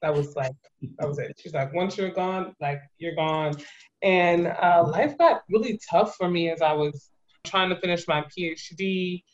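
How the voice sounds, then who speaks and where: A woman in her thirties from New Jersey, a guest in an interview, telling her story in a lively way with laughs and acted-out quotes. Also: fairly low pitch, moderate pace. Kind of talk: conversational interview. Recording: muffled lo-fi audio.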